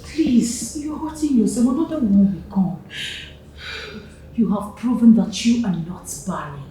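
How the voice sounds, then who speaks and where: A woman's voice: mid-range voice, expressive, measured pace, warm tone, slight background noise, close to an everyday voice, poor audio. An actress with a Nigerian accent playing a sister who tearfully consoles her grieving sibling in a film drama. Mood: consoling. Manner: pleading, soothing.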